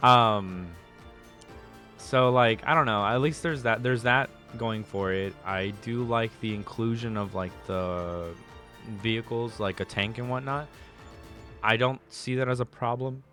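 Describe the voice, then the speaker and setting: A man's voice: mid-range voice, unhurried, pushed and bright, soft background music. A male streamer chatting casually with his viewers, rambling through restarts and fillers.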